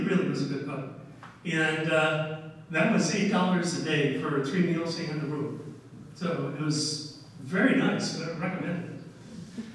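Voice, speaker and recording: A distant room mic records an older man's casual history slide lecture from far off in a large echoey hall. His voice sits on the high side, and he tells folksy stories filled with "uh"s and "okay"s.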